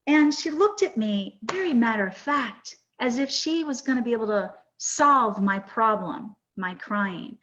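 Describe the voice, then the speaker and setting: Earnest woman in her fifties, slightly high. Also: expressive, measured pace, hardly any pauses, a bit bright. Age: 50s. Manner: earnest, reflective, emotional. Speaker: podcast host. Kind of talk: personal storytelling on a podcast. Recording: dull lo-fi sound.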